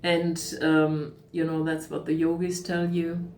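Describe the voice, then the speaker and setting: A middle-aged woman speaking as a coach in a calm, reflective way, sometimes acting out the thoughts in someone's head. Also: low-pitched, a little slow. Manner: calm, reflective, acts out inner voices. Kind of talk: talk on emotional coaching. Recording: echoey room with faint noise.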